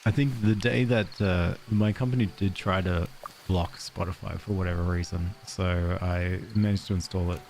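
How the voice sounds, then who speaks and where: Laid-back Australian streamer, low mellow voice. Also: male voice, fairly even intonation, normal speed, a little hiss or hum. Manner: chatty, laughs often, thanks chat viewers. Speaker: game streamer. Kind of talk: casual live-stream commentary.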